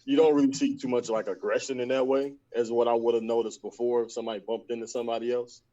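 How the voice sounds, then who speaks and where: A man's voice: mid-range voice, level tone, quick pace, warm tone. A man who works as a trucker, talking hesitantly with many fillers in a group voice chat. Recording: distant, muffled phone connection.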